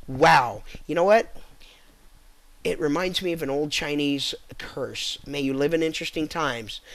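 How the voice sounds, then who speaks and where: A political vlogger rants angrily at the camera, heated and insulting, his voice leaping upward on rhetorical questions. As he winds down, he drops low and quiet.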